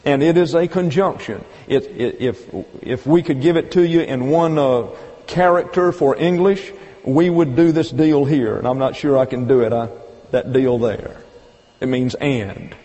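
A man teaching an evening Bible lesson, explaining step by step and slowing down to read quotes with emphasis. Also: medium pitch, dark tone, muffled recording. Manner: methodical, step-by-step explaining, slow emphatic quoting. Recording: long hall reverb.

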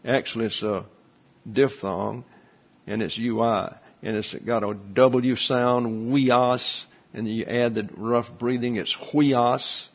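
Husky-voiced man giving a patient lecture. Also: medium pitch. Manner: measured and explanatory, with frequent fillers. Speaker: teacher. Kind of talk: classroom lecture explaining Greek letters. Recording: slightly dull, lo-fi recording.

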